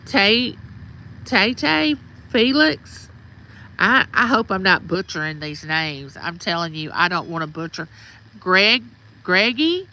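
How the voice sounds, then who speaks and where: Middle-aged Southern woman, unhurried, bright and forceful tone, greeting viewers outdoors. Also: mid-range voice, sing-song, poor audio. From Mississippi. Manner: chatty, greets viewers by name, drawling. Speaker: livestream host. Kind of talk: casual livestream chat. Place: outdoors at home.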